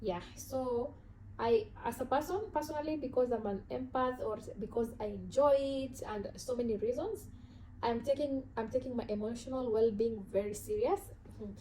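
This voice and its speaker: A woman with an African accent talks straight to her viewers in a relaxed vlog. Her voice sits a little high and sounds mellow and soft. She speaks earnestly and thinks aloud, often restarting and repeating words. A faint hum stays in the background. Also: normal speed, rough recording. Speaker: vlogger. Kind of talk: casual talk to camera about self-growth.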